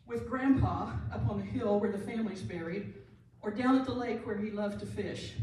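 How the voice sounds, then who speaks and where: A woman's voice: mid-range voice, darkish tone. A woman, an end of life doula and pastor, giving an earnest talk to an audience and repeating her key phrases for emphasis. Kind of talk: conference talk to a live audience. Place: large room, speaking to an audience. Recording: very echoey room audio from far off, light hiss.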